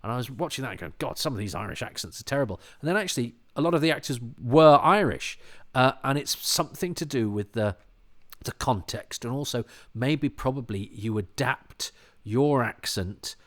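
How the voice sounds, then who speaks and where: A man's voice: mid-range voice, animated, normal speed. A British man chatting casually on a podcast, full of false starts and repeated words, with chuckling asides. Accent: British English. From Britain. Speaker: podcast commentator. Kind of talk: casual chat.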